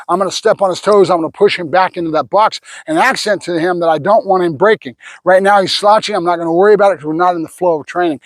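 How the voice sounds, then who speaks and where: High-voiced male dog trainer. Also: no room sound. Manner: explains step by step, breaking off to give the dog short commands and praise. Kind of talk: casual training demonstration.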